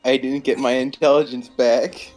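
A man's voice: mid-range voice, steady tone, moderate pace, darkish tone, soft background music. A man playing a tabletop game in casual chat, joking and poking fun at himself. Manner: jokey, self-mocking. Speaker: player.

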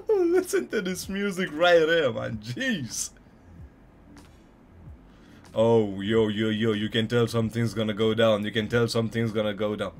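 A man hosting an anime reaction video, commenting live in an excitable way and tossing in "yo" and "man" a lot. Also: medium pitch, a little slow, pauses often. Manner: excitable, repeats "yo" and "man", bursts into laughs and shouts. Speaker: anime reaction channel host.

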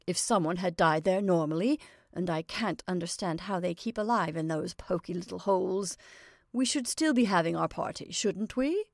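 A woman's voice: fairly low pitch, animated, normal speed, vocal fry, dry recording, clean studio sound. A woman reading aloud, voicing a genteel middle-aged mother who talks in an airy, patronizing way.

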